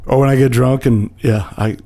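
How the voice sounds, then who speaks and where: A man's voice: mid-range voice, steady tone, moderate pace, warm tone. Blunt, self-mocking man chatting. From US, near the Mexican border. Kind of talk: casual podcast chat.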